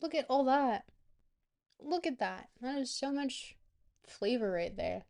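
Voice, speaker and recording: A woman streamer chatting casually to her viewers, rambling between bites and filling pauses with ums. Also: high-pitched, animated, gravelly, a little mellow.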